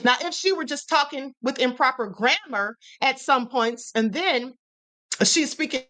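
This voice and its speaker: A woman's voice: sits high, a little slow, sharp tone. A woman with a Southern US accent hosting a livestream, giving emphatic, sassy opinion commentary and repeating her points. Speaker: livestream host.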